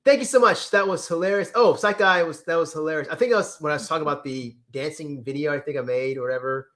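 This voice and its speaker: A man hosting a casual livestream, reading chat comments with lively exclamations and repeated words. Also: a little high, fast. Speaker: livestream host.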